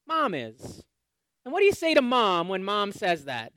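A man preaching a sermon, often asking his congregation questions and swinging between loud and hushed. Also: extremely high pitch, lively intonation, a little fast, dry recording, clean studio sound. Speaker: pastor.

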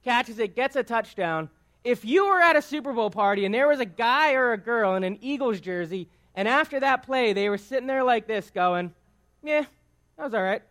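A pastor with an extremely high, animated, fairly bright voice preaches at normal speed to his congregation in the church sanctuary. His sermon is conversational and informal, full of questions to the room and repeated "right?" check-ins.

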